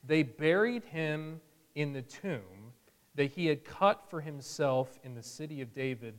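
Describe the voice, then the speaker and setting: Male preacher, chatty teaching style, slightly raised pitch, echoing hall sound. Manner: conversational, chuckling, acting out quotes. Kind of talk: Bible teaching sermon.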